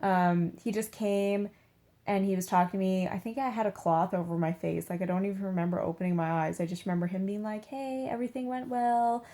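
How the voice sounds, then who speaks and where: A woman's voice: lowish voice, fairly even intonation, brisk, dark tone. A young woman, chatting casually to the camera from her bed, full of "like" and acted-out quotes. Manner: chatty, heavy use of "like", acts out quotes. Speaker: beauty vlogger. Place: in bed at home.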